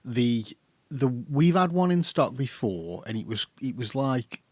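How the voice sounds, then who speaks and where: A man's voice: medium pitch, very animated, a little slow, darkish tone, no echo. A man, chatting casually as a podcast co-host and rambling with fillers and restarts. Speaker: podcast co-host, record shop worker. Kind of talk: casual chat.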